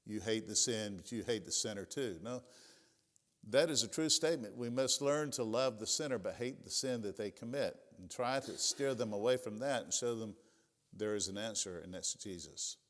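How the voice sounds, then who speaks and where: Preacher in an echoing sanctuary. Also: male voice, on the low side, normal speed. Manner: conversational preaching, plain folksy retelling of scripture. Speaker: pastor. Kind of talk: sermon. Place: church sanctuary. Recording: long church reverb.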